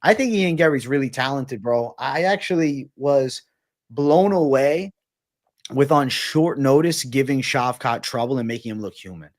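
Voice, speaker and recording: A man's voice: mid-range voice, lively intonation, moderate pace. A man co-hosting a casual sports talk show, earnest and emphatic, often calling his partner "bro" and "man". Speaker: MMA podcast co-host.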